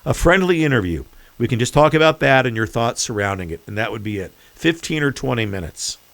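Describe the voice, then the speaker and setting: Animated sarcastic male podcast host. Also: mid-range voice, a little fast, no echo. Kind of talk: political commentary monologue.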